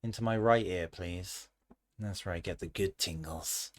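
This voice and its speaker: A man's voice: low voice, measured pace. A man hosting a gaming channel, talking casually and joking as he plays a fantasy game. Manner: relaxed, joking asides while playing. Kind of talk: casual gameplay commentary.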